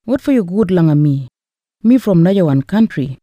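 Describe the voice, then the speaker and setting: Man reading as a grateful young woman, Kriol accent, humble, high mellow voice. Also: animated, brisk, no echo, clean studio sound. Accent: Australian Kriol.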